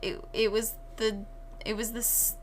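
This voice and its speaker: A woman co-hosting a podcast in casual chat, animated and swearing, acting out quotes. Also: fairly high pitch, a little slow, a little hiss or hum. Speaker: podcast co-host.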